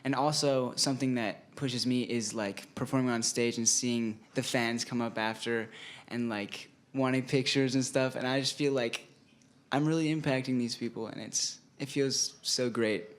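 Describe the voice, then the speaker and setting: A man's voice: mid-range voice, fairly even intonation, moderate pace. A young man, a band member, answering interview questions in an easygoing, thoughtful way with frequent fillers.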